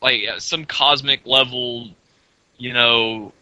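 A man's voice: medium pitch, steady tone, takes it slowly, bright, forceful tone, dry recording, poor audio. A man in casual podcast chat, hedging with many fillers while giving his opinion. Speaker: podcast co-host.

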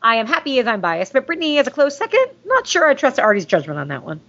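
A woman's voice: sits high, wildly swooping pitch, fast talker, fairly bright tone. A woman hosting a podcast, chatting casually and gushingly, with jokey asides. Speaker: podcast host reading listener mail. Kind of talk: casual fan chat. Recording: dull lo-fi sound.

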